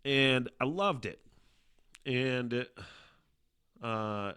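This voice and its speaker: A man's voice: mid-range voice, lively intonation, measured pace, bright, forceful tone, no room sound, studio quality. A man hosting his own podcast, chatting casually and profanely, laughing often as he tells a story. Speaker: podcast host. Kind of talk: casual solo chat.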